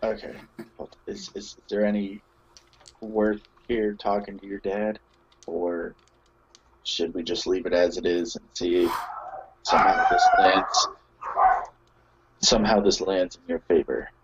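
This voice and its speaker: A man's voice: low voice, wildly swooping pitch, a little slow, long pauses, full character voice. A man voicing his tabletop character, a concerned adventurer visiting a jailed friend, talking hesitantly with stammered restarts. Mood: earnest. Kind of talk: in-character tabletop role-play. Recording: dull lo-fi mic.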